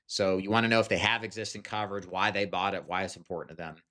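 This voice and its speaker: A man's voice: low-pitched, little pitch movement, quick pace, bright, forceful tone. A man giving a direct, conversational sales lesson, often checking in with "okay?". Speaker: sales trainer. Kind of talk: instructional talk.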